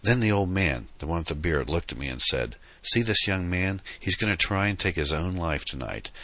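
A man reading an audiobook, voicing a young woman who is excitable and awestruck and tells her story in a breathless rush. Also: sits low, no room sound, heavily acted. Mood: excited. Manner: breathless, rushed telling.

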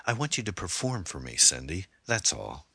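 A man's voice: sits low, very animated, normal speed, creaky, pushed and bright, husky, dry recording, exaggerated voice. A man reading the part of a controlling male stalker, voiced with cold, mocking menace.

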